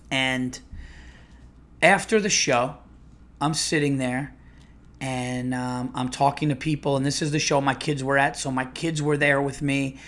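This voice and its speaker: A middle-aged comedian with a mid-range voice hosts his own podcast. He tells a long, rambling story casually and with animation, restarting as he goes.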